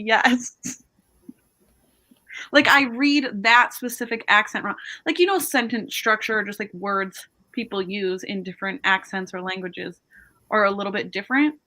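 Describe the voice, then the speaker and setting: A woman's voice: on the high side, bright, forceful tone. A young woman hosting a casual reading stream over a video call, chatty and self-deprecating, often laughing. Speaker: host of a reading sprint stream. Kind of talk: casual chat.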